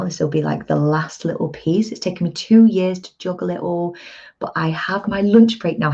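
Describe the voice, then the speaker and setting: Woman, 30s, motivational coach, low husky voice, dull lo-fi recording. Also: dark tone. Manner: earnest, chatty, emphatic. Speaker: empowerment coach and host. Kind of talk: casual motivational talk to viewers.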